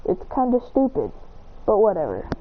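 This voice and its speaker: A woman's voice: medium pitch, wildly swooping pitch, moderate pace, slight background noise. A woman voicing a bold, cocky teenage schoolboy who leads his gang, with a brash, threatening swagger. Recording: tinny phone-like sound.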